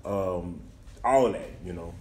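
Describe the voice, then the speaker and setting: A man, a relaxed co-host who chimes in with quick affirmations. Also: deep voice, slight background noise. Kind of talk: casual chat. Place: indoor room on camera. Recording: roomy echo.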